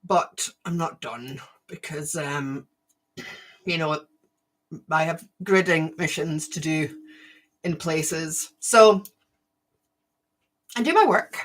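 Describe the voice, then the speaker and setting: A middle-aged woman hosting a casual livestream, telling a story in a lively way and acting out the voices of the people in it. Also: low voice, slow, long pauses. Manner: animated storyteller, acts out quoted voices. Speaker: spiritual channel host.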